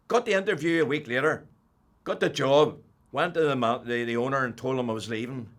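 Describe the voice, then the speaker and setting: An older man from Northern Ireland shares his personal faith testimony at a fairly quick clip in a medium-pitched voice. He's an animated storyteller, sinking to a hush before rising loud again.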